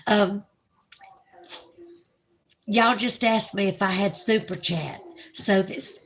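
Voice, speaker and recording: A woman's voice: mid-range voice, creaky, fairly bright tone, a little hiss or hum. A woman from Alabama with a Southern accent, chatting casually on a livestream and gushing over her viewers. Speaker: livestream host. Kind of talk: casual livestream chat reading viewer comments.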